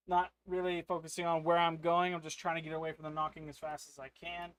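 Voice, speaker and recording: A man's voice: on the high side, flat delivery, quick pace, few pauses, a bit bright. A man streaming a solo tabletop game, narrating casually and thinking aloud to his chat.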